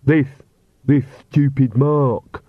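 A man voicing a doleful, put-upon male servant who speaks slowly in a grumbling, deadpan way. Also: mid-range voice, husky, no room sound. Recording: dull, dry audiobook recording.

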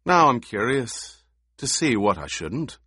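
A man reading the part of a gruff, loyal veteran warrior in an audiobook, blunt in manner. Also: mid-range voice, very animated, unhurried, bright, forceful tone, no room sound, studio quality, voice pushed up, full character voice. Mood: earnest.

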